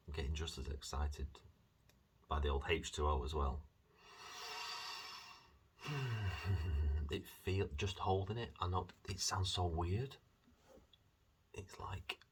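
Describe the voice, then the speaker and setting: A British man chatting in a rambling, self-mocking way in a casual video diary, dry-mouthed from fasting. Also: very deep voice, a bit bright, husky. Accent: British English. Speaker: vlogger.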